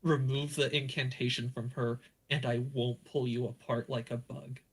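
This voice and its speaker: Man doing a menacing woman warrior, low, quiet, threatening. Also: little pitch movement, unhurried, close to an everyday voice.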